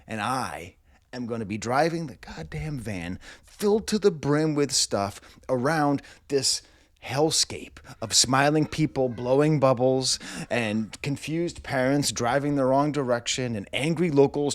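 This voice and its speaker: A man's voice: medium pitch, no room sound, studio quality. A middle-aged man reviewing music, telling a long story in a rambling, wry way full of comic asides, indoors in a rental house.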